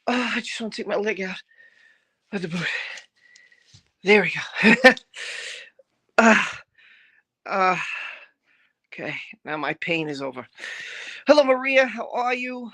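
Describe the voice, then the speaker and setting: A woman's voice: mid-range voice, vocal fry, fairly bright tone. A middle-aged woman hosting a live stream in casual chat, greeting viewers by name in a chatty, scattered way.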